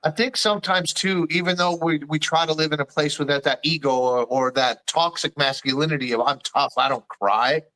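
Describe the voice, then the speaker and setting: A man co-hosting a podcast speaks in a reflective, encouraging way and often backs his partner up with short replies. His voice sits a bit higher than most men's. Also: fairly even intonation, brisk, hardly any pauses, bright, forceful tone, low-quality recording. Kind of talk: casual conversation.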